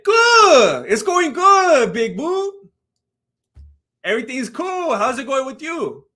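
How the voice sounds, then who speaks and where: A young man chatting casually on a live stream, commenting on a fight video and acting out the people in it. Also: high-pitched. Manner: animated storyteller, voices the people in the clip.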